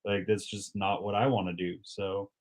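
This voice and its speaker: Podcast host: a man with a low-pitched voice, relaxed and conversational, drops "man" and "like" often. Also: normal speed. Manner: easygoing, chatty, says "man" and "like" a lot.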